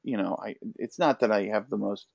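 A man hosting a podcast, speaking haltingly with many restarts. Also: on the low side, gravelly, husky, dry recording. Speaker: podcast host. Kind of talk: casual podcast chat. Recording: dull, dry lo-fi audio.

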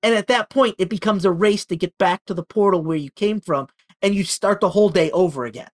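A man's voice: sits high, fairly quick. Man telling a story with acted-out quotes. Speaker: podcast co-host. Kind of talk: casual chat.

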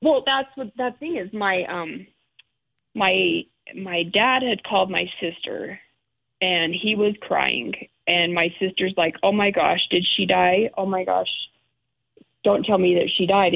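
Middle-aged woman, raspy low voice, halting story, sounds like over the phone. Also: narrow, tinny audio. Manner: halting, restarts often, acts out quoted relatives. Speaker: guest. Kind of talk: emotional personal storytelling.

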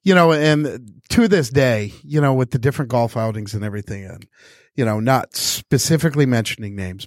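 A man with a middle-pitched voice trades wry, teasing remarks in a casual sports chat. The sound is dry and close to the mic. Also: dry recording. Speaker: podcast co-host.

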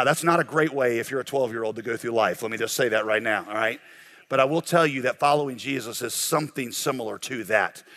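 A man preaching as a pastor, telling a lively story and acting out shouted lines before turning to a quieter lesson. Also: medium pitch. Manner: animated storyteller, acts out shouted quotes. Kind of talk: sermon with a told story.

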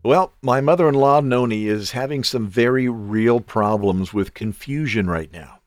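A man's voice: medium pitch, normal speed, no room sound, clean studio sound, soft background music. A man hosting a devotional podcast, who speaks in an earnest, encouraging, pastoral way. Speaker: podcast host.

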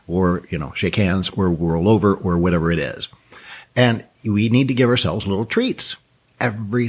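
A man's voice: on the low side, slightly rough. A man giving a motivational talk on goals and trading habits, earnest and emphatic, repeating words for stress. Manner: earnest, repetitive emphasis, lively. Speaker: trading coach.

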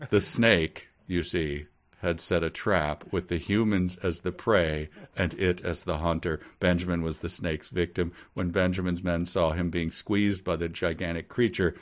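Low-voiced guy reading a kids book out loud, deadpan, keeps cracking jokes about it. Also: unhurried. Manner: reads deadpan then jokes about the text. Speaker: podcast co-host reading a book aloud. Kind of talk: casual comedic book reading and chat.

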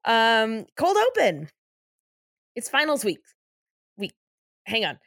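A woman with a fairly high, lively voice co-hosts a podcast and reads out episode facts. She giggles often, and the recording sounds dry and close. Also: takes it slowly, no echo. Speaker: podcast co-host. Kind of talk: casual chat.

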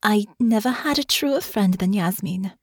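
Woman doing a posh mom in her late thirties, low smooth voice, unsure of herself. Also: normal speed, no room sound, clean studio sound. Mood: tentative. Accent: upper-class. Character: upper-class mother in her late thirties, tentative.

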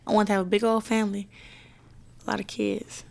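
Her delivery is flat and brisk, and her medium-pitched voice is creaky with a darkish tone, captured in a dry recording. She's a teenage boxer from Flint, Michigan, United States, casually reflecting into a handheld tape recorder for her audio diary.

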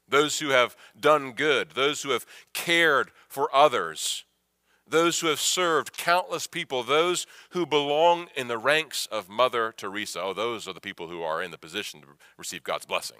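A man preaching a sermon as pastor, emphatic, repeating phrases and swinging from hushed to loud. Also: mid-range voice, animated, unhurried, no echo, clean studio sound.

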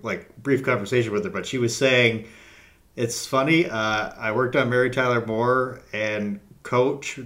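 A man in a casual podcast conversation speaks at an ordinary middle pitch. He tells anecdotes haltingly, with frequent fillers and restarts, and keeps the tone conversational. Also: a bit bright. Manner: hesitant, many fillers, storytelling. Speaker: podcast co-host.

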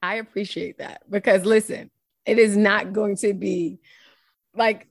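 A woman's voice: medium pitch, steady tone, measured pace, creaky, no echo, clean studio sound. A woman therapist hosting a podcast, chatting casually, encouraging and laughing often. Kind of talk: casual chat.

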